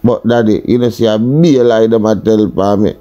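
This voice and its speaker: A man's voice: fairly low pitch, fairly even intonation, brisk, warm tone, lo-fi sound, soft background music, lightly acted. A man voicing a defiant, unruly young Jamaican man talking back to his father with a Jamaican accent. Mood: sulky defiant. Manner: sulky, muttering back, defiant.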